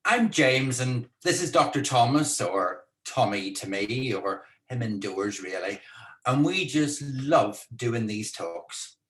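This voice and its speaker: He takes it slowly here, his mid-range voice animated as he co-hosts the relaxed live-streamed talk from his home, chatty and teasing throughout.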